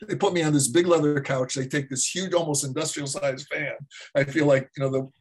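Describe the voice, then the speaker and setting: Middle-aged male martial arts teacher, husky voice, loose meandering storyteller. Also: on the high side, fairly even intonation, fairly quick, rough recording. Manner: rambling, many fillers and restarts. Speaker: martial arts instructor and guest. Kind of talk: casual anecdote storytelling.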